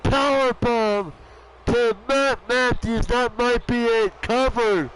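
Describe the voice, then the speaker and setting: High-voiced excitable male wrestling commentator. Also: slow, a little hiss or hum, low-quality recording. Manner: animated, swearing, shouting at big moments.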